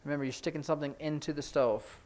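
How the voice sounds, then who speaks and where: Brief: male sign language teacher, slightly high voice, explains as he demonstrates, hurried asides. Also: fairly even intonation, darkish tone. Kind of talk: classroom instruction. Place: church classroom.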